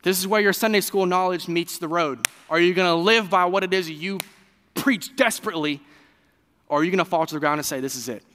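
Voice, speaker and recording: A man preaching a sermon in a conversational, animated way, with fillers and restarts. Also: high voice, a little fast, big-room sound. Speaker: pastor.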